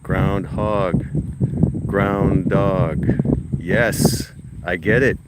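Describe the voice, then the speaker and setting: A man's voice: low voice, steady tone, drawn-out words. A man live-streaming a walk with his dog, talking to the dog and his viewers in a coaxing, casual way. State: out of breath while walking uphill. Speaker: livestream host walking his dog. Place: outdoors at a reservoir, walking. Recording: loud outdoor noise.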